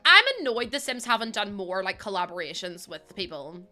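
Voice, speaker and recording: A woman's voice: medium pitch, animated, a little fast, sharp tone. A young woman livestreaming, chatting casually and self-mockingly with her viewers while she plays a game.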